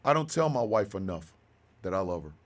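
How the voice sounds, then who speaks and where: Guy in his 50s, low voice, talks slow n heartfelt on his radio show. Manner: heartfelt, slow and halting, then bursts of loud excitement. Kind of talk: emotional monologue.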